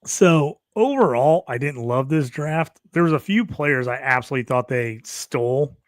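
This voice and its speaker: A man's voice: mid-range voice, normal speed, no echo, clean studio sound. A man co-hosting a casual sports podcast, talking loosely and acting out quotes while he rants. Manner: animated, rants with acted-out quotes. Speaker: podcast co-host.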